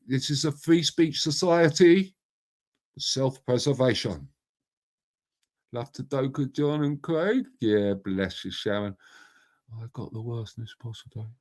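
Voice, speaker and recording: A middle-aged English man hosting a casual live chat, blunt and matey, swearing freely and calling viewers mate and bruv. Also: a little high. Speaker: live stream host.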